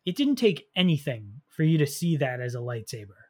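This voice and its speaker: A man co-hosting a casual movie podcast, telling scenes with animated energy and quick laughs. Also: medium pitch. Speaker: podcast co-host. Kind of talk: casual movie review chat.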